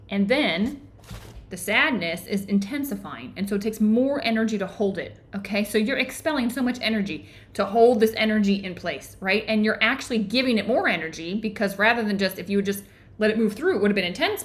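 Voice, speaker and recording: A woman hosting an online book club, explaining ideas earnestly and often pausing to check in with her listeners. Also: medium pitch, expressive. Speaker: book club host and teacher. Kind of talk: live online book discussion.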